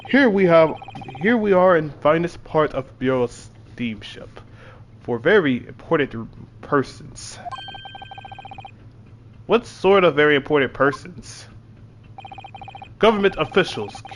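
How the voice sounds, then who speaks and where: A man voicing a gruff, suspicious male Russian senior crewman who speaks slow, broken English in a lowered voice. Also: a little hiss or hum.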